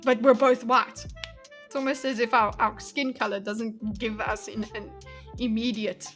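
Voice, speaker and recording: A woman's voice: a little high, level tone, measured pace, fairly bright tone, soft background music. A woman from Spain giving casual, chatty reaction commentary, swearing and laughing as she gets heated. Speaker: video commentator.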